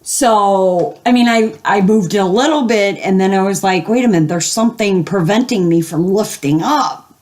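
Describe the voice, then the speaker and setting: A woman's voice: medium pitch, normal speed, a little mellow. An older woman telling a long story casually at home, rambling with fillers and acting out the voices of the people she quotes. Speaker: gaming video host.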